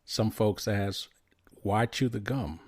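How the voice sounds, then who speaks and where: A man hosting a podcast and interviewing a guest in a friendly, halting way with some restarts. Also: fairly low pitch, darkish tone, breathy edge, no room sound, studio quality. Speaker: podcast host.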